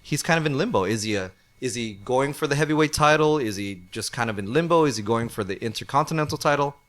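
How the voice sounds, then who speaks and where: A man's voice: mid-range voice, lively intonation, quick pace, fairly bright tone. Casual man reviewing wrestling. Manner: rambling, many fillers and restarts. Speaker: podcast co-host.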